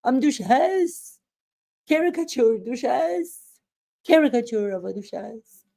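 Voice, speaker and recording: A woman's voice: sits high, expressive, slow pace, gravelly, mellow, heavily acted. A woman putting on a flustered, self-important caricature of a duchess, with gasping, overdone exclamations. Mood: mock-flustered.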